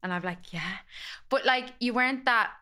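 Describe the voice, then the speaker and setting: A woman's voice: on the high side, normal speed, pushed and bright. A woman, hosting a casual podcast chat and talking chattily with lots of fillers. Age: 30s. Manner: chatty, lots of fillers, many agreeing yeahs. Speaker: podcast host.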